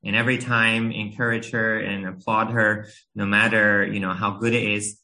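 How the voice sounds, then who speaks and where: A man in his thirties preaching a sermon, telling a family story in an earnest, gentle way with a few hesitations. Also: lowish voice, little pitch movement, moderate pace, poor audio.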